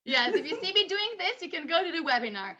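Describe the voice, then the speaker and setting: High bright-voiced woman leading a webinar. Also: fast talker, dull audio. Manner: energetic, sings and demonstrates songs. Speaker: webinar presenter for tutors. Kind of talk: lively teaching demo with singing.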